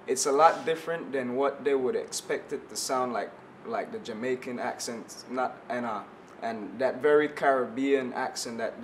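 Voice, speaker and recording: A man's voice: medium pitch, a little hiss or hum. A young man from Belize, a musician guest on a radio talk show, chatting easily and often restarting as he searches for words. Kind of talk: casual radio interview.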